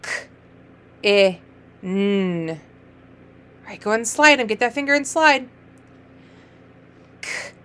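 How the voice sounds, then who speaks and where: A woman teaching early reading to young children, drawing out letter sounds and cheering each word with playful, sing-song praise. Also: fairly high pitch. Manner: encouraging, sing-song, playful praise with gasps and exaggerated excitement; slow, drawn-out letter sounds.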